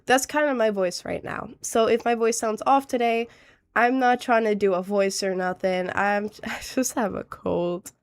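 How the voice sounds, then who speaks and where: A woman's voice: mid-range voice, fairly even intonation. A woman in her late teens with a cold, chatting casually on a livestream in a stuffy, slightly nasal voice, bubbly and rambling. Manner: bubbly, rambling, quick to laugh. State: has a cold. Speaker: streamer.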